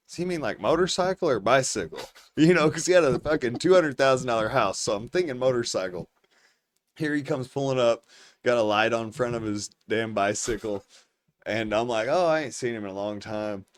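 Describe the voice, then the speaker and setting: A man's voice: medium pitch, brisk. A man around forty, a podcast host, telling a long story casually with a lot of swearing and frequent laughter. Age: 40s. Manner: profane, animated storyteller who laughs through his anecdotes.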